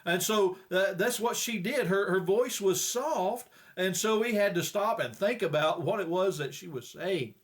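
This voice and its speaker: A man's voice: high-pitched, expressive, unhurried, few pauses. A male preacher giving a folksy, plain-spoken sermon with frequent hesitations.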